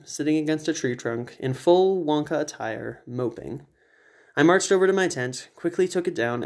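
A man reading his own comedy short story aloud in a measured storytelling manner. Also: mid-range voice, a little mellow. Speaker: reader, author.

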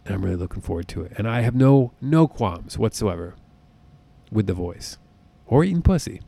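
A man hosting a solo podcast, talking casually in an excitable, jokey, profane way. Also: on the low side, a little fast, creaky, no echo. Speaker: podcast host. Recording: close podcast mic.

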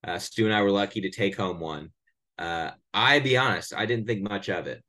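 A man co-hosting a casual podcast from his bedroom at home, delivering a joking sales pitch full of stammers and restarts. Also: expressive, moderate pace, pushed and bright. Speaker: podcast co-host.

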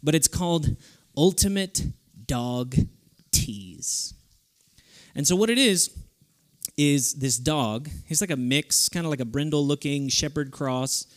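A young man delivers a sermon to a youth group in a lively, playful way. His voice sits a little high for a man. His delivery is animated and casual. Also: takes it slowly, long pauses. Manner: lively, playful, switches into goofy voices for stories. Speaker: youth speaker.

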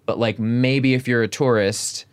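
A man's voice: medium pitch, steady tone, unhurried, clear, resonant tone. A man guesting on a podcast, chatting casually and filling his talk with "like.". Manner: chatty, fills with "like" constantly. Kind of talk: casual conversation.

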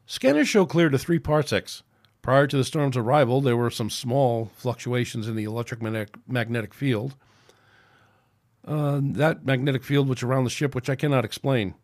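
A man's voice: medium pitch, normal speed, a little mellow, close to an everyday voice. A man reading a precise Vulcan officer. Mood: formal. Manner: precise and formal. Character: logical, unemotional male Vulcan science officer.

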